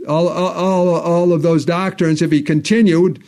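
A man preaching a sermon in a church, earnest, his voice swelling on key phrases and dropping low and slow for solemn parts. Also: fairly even intonation, darkish tone. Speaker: pastor.

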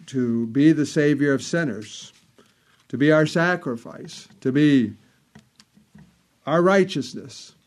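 A man preaching a sermon, speaking in measured phrases, repeating words for emphasis and quoting old scripture wording. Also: medium pitch.

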